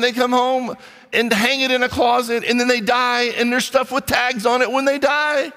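A man's voice: high voice, fairly bright tone, long reverb tail. A male pastor preaching a conversational sermon, reading scripture and acting out little dialogues.

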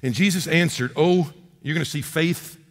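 A man preaching a sermon, swinging between loud emphatic peaks and low, quiet asides. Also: normal speed. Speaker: pastor. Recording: long hall reverb.

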